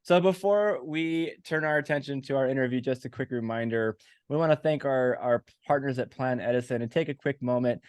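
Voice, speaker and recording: A man's voice: medium pitch, fairly quick, a little mellow, clear, resonant tone, no room sound, studio quality. A man in his forties hosting a podcast, telling stories in a rambling, self-mocking way. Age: 40s. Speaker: podcast host. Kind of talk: casual podcast chat.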